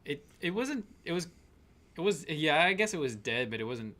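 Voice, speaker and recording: A man's voice: fairly high pitch, sing-song, moderate pace, a bit bright. Chatty man hosting a live stream. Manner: chatty, reads out viewer names and greetings. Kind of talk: casual live-stream chat.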